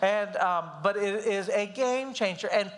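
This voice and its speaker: Man, high voice, casual parenting class teacher, animated storytelling. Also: a little slow. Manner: animated, acts out kids' voices in quotes.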